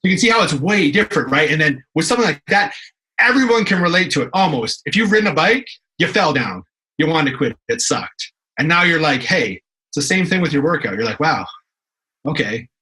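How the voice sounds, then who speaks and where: A young Canadian man, a fitness professional appearing as a guest in a casual interview, tells stories animatedly with frequent restarts and fillers. His voice is on the high side and sing-song with a sharp tone, a little fast, and the recording is rough.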